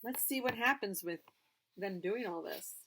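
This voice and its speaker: A woman reading a picture book aloud to children, animated, pausing to explain words and ask questions. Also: medium pitch, a little hiss or hum. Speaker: storybook reader for children.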